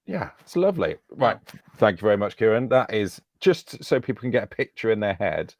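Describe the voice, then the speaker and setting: Low-voiced man spinning a yarn. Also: big pitch swings, fairly quick, no room sound. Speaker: podcast co-host. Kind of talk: storytelling on a live podcast stream.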